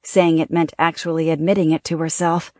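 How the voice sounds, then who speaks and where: An audiobook narrator reading a novel in a steady, measured way. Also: mid-range voice, no room sound, clean studio sound.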